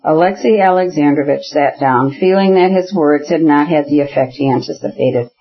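Husky male audiobook narrator. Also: fairly high pitch, moderate pace. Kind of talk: scripted narration. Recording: dull lo-fi recording.

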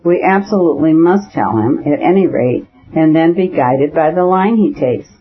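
A man reading an audiobook, voicing an earnest young nobleman who speaks in a calm, firm and persuasive way. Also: on the high side, moderate pace, breathy edge. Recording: dull lo-fi audiobook recording.

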